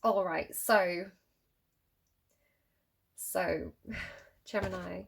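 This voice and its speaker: A woman talks her viewers through a tarot reading in a loose, chatty way, breaking into laughter often. Her voice sits at an ordinary middle pitch, and she addresses the listener directly as if chatting with a friend. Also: moderate pace, slight background noise. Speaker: tarot reader. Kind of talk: casual spoken tarot reading.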